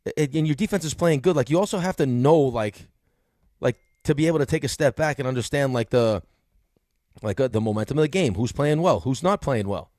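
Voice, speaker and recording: Fast-talking New York sports radio host. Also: male voice, medium pitch, animated, a little mellow, dry recording, clean studio sound. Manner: rapid, rambling with many fillers. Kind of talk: casual sports talk.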